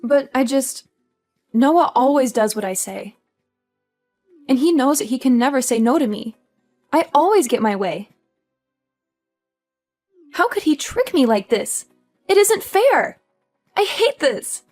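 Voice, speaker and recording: A woman's voice: sits high, animated, normal speed, pauses often, dark tone, faint music behind. A woman voicing a spoiled, entitled sister-in-law who taunts with mocking laughs, in a dramatized story. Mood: whiny. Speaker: voice actor.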